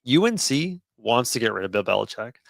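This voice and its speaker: Man, sports podcast co-host, mid-pitched voice, dry close sound, teasing. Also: very animated, fairly quick, gravelly, no echo. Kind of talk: casual sports chat.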